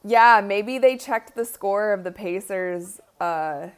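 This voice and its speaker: In a clear, resonant, medium-pitched voice, a young woman slowly chats through live watch-party commentary as a livestream host. She sounds tired, yawns from time to time, and peppers her talk with "like" and "honestly."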